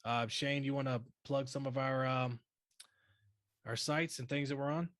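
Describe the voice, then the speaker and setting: A man's voice: medium pitch, normal speed, no echo. Casting note: male veteran podcast host, laid-back, salty language, dry close sound. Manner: relaxed, swears often, fillers. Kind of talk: casual podcast chat.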